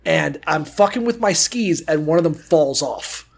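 Male co-host, high, husky, gravelly voice, profane rambling storyteller. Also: expressive, a little slow. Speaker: podcast co-host. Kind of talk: casual comedic chat.

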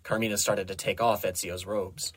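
A young man reading comedic fan fiction aloud in a dry, deadpan narrating voice. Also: lowish voice, normal speed. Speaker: host reading stories aloud.

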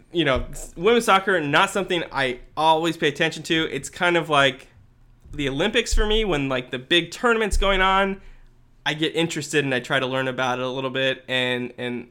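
A man's voice: fairly high pitch, moderate pace, pushed and bright, smooth. A man co-hosting a podcast, casually chatting with playful, teasing asides. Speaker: podcast co-host. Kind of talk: casual chat.

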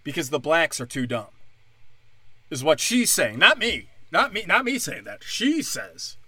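Young man, sarcastic and swearing, high-ish forceful voice, dry close sound. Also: big pitch swings, measured pace, slightly rough, dry recording. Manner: angry, sarcastic, heavy swearing. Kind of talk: profane ranting monologue.

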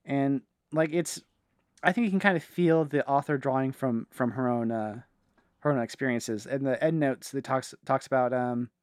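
A man co-hosting a casual podcast chat, relaxed and quick to laugh. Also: mid-range voice, no echo, clean studio sound. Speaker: podcast co-host.

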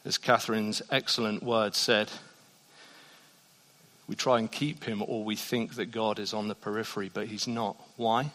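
A man preaching a sermon in a church, shifting between soft, hushed passages and loud, emphatic ones. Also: fairly low pitch, level tone, moderate pace. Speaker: pastor. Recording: long reverb of a church hall.

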